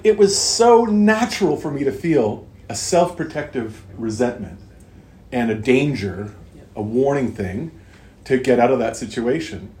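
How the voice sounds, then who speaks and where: A man's voice: medium pitch, a little mellow. A middle-aged man talks about faith in a casual, earnest way, wandering through his thoughts and leaning hard on key words. His voice sits in a middle register. The room is echoey, with a faint ambient hum behind him. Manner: earnest, rambling, emphatic. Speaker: podcast co-host.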